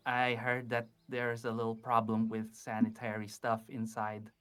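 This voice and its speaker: A man's voice: medium pitch, monotone, normal speed, fairly bright tone, clean tone, natural voice. A man playing a meek servant woman. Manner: timid, hesitant. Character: meek harmless young woman posing as servant.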